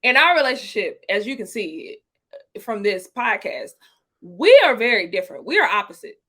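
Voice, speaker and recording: A woman co-hosting a casual podcast, talking through tips in a lively, informal way and laughing often. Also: medium pitch, normal speed. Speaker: podcast co-host.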